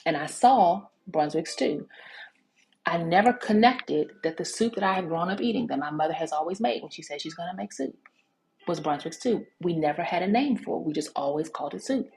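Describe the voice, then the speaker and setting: A woman with a low voice talks through a live cooking demonstration in a casual storytelling way. She rambles warmly, with frequent ums and self-corrections, over a faint background hiss. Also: animated, brisk, vocal fry, poor audio. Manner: chatty, with many fillers and restarts.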